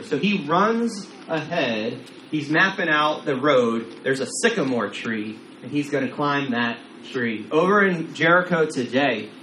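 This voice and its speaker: A male pastor delivers a casual, conversational sermon, often repeating words as he thinks aloud. His voice sits a little high for a man. The recording has a roomy echo with faint noise behind him. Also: fairly bright tone.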